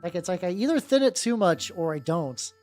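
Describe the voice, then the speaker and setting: Brief: lively, sing-song streamer with a mid pitch who rambles and swears, over faint background music. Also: fairly quick. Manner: rambling, heavy on fillers, swears freely. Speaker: streamer painting miniatures. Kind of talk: casual live-stream chat.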